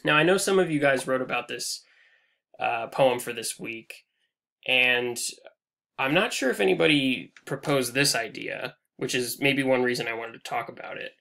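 A man teaching a recorded online lecture over slides, casual and full of "um"s, his phrases trailing off quietly at the ends. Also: mid-range voice, lively intonation, normal speed, gravelly. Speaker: English instructor.

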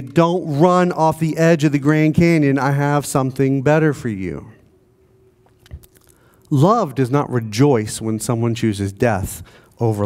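A pastor preaching a sermon in a conversational way, asking the congregation rhetorical questions. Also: male voice, a little high, a little mellow. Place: church.

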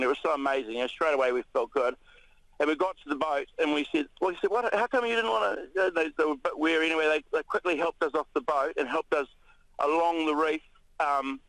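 A New Zealand man, a radio interview guest, recounting an ordeal in a halting way with many restarts. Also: on the high side, no room sound, rough recording. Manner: halting, many restarts, animated when retelling shouts.

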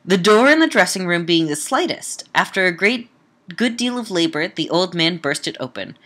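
A woman's voice: lowish voice, big pitch swings, normal speed, fairly bright tone. A woman reading an old Gothic novel aloud with drama, breaking off now and then for wry, casual comments. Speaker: audiobook reader and podcast host.

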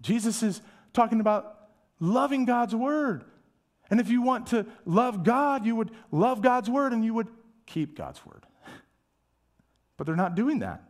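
A male pastor preaching a sermon, emphatic, asking rhetorical questions and dropping to a hush at times. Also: extremely high pitch, animated, unhurried, long pauses. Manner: dramatic shifts from loud to hushed, whispering asides.

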